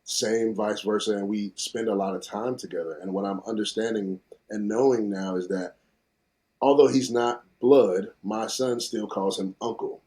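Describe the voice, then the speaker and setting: A man's voice: lowish voice, mellow. A man in his thirties hosting a casual podcast, reflecting earnestly in long connected thoughts.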